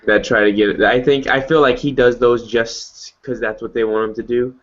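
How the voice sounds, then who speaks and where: A man's voice: medium pitch, steady tone, moderate pace, lo-fi sound. A young man co-hosting a podcast in loose, profane casual chat who laughs easily. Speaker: podcast co-host.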